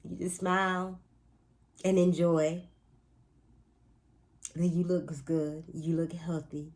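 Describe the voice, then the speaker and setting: A woman's voice: on the low side, flat delivery, takes it slowly, pauses often, a little mellow. A woman talking casually to viewers in a spiritual pep talk, chatty and emphatic, with playful asides and speech. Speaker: astrology and spiritual reader.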